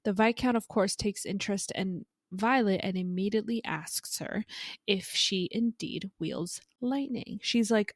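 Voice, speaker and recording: A woman's voice: medium pitch, expressive, measured pace, dry recording, clean studio sound. A woman co-hosting a podcast, recapping a book chapter by chapter in a chatty way, swearing freely and reading out quoted lines. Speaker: podcast co-host.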